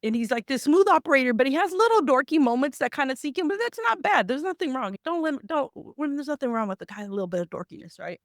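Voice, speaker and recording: A woman's voice: high-pitched, fast talker, hardly any pauses, no room sound, studio quality. A woman hosting a podcast, chatting casually and animatedly, laughing as she talks. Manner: animated, laughs while talking. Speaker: podcast host.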